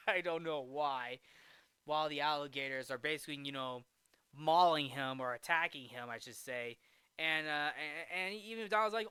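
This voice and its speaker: A man hosts a casual movie-recap vlog, rambling along and often restarting his sentences. His voice is bright and clear, pitched a little high. The recording is close and dry. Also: normal speed, no echo. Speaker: movie review host.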